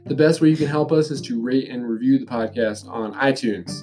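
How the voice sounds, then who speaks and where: A man co-hosting a podcast, chatting casually and reading items off a list in a relaxed way. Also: medium pitch, a little fast, soft background music. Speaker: podcast co-host. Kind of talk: casual chat.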